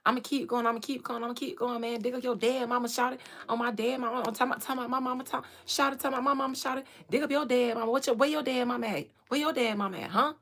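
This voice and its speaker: A woman doing a loud, brash young Atlanta man. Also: on the high side, steady tone, racing, few pauses. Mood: taunting. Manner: swaggering, repeats "shawty," loud taunts.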